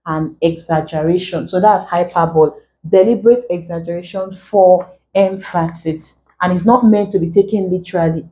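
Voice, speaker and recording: A woman teaching an exam-prep lesson in a lowish, mellow voice. She explains slowly, repeats key phrases and leans on "like" as she goes. The recording sounds dull and lo-fi. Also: fairly even intonation, slight background noise. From Nigeria.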